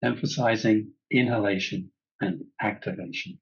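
A breathy, husky man with a lowish voice guides a breathing class in a calm, soothing way. The recording is dull and lo-fi. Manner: calm, slow, soothing instruction. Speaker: breathwork teacher.

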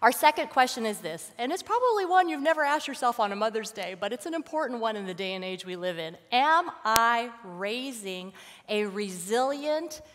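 Animated woman preaching in a reverberant church. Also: a little high, normal speed, slight background noise. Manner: animated, casual storytelling with fillers. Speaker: guest speaker. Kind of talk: conversational sermon. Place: church sanctuary.

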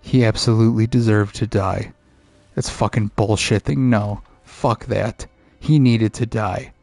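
A man's voice: lowish voice, fairly even intonation, measured pace, creaky, darkish tone, no echo, faint music behind. A man who is a father, giving profane, frustrated let's play commentary as he rants at the game. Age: adult father. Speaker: gaming channel host.

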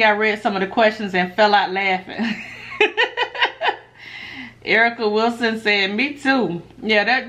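A mukbang vlogger chats casually while eating on camera, reading viewer questions aloud and answering in a relaxed, animated way. She often breaks into laughter while telling stories, and her voice is on the high side.

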